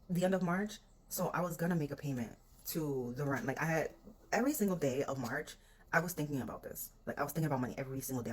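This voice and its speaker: A woman's voice: deep voice, a little hiss or hum. A young adult woman candidly venting about a hard stretch, swearing often and quoting what she said at the time. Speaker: vlogger. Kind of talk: venting personal story.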